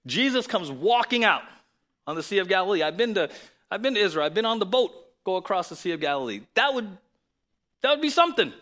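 A male pastor preaching in a bright, slightly high voice. He moves between reading scripture aloud and easy, conversational explanation, with sudden bursts of loud emphasis. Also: big pitch swings, fast talker. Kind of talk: sermon.

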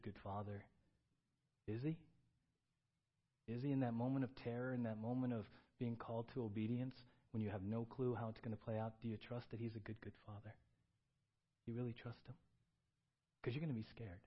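A man preaching a sermon with animated swings between loud excited bursts and quiet earnest tones, reading scripture aloud. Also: medium pitch, dull audio. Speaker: pastor.

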